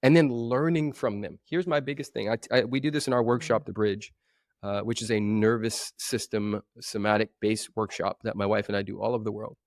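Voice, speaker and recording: Animated man in his forties on a dry mic. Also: fairly low pitch, a little fast, dry recording. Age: 40s. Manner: animated storyteller who acts out voices. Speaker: guest coach. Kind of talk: podcast interview.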